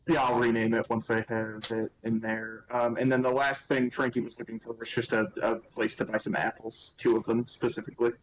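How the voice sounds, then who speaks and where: A man's voice: mid-range voice, flat delivery, a little fast, hardly any pauses, rough recording. A man playing his character at a tabletop game in casual talk, hesitant and full of fillers. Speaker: player.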